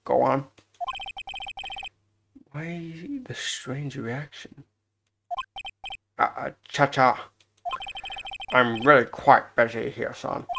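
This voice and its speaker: A woman's voice: very deep voice, gravelly, background noise, exaggerated voice. A woman voicing a pompous, blustery older male lawyer who talks haughtily and stumbles when caught out. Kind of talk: voicing game dialogue. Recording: game music behind the voice.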